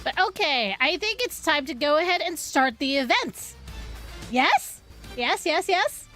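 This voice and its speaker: A woman's voice: sits high, big pitch swings, measured pace, bright, forceful tone, soft background music. A woman streaming, chatting casually and playfully with viewers, giggling often. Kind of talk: casual live-stream chat.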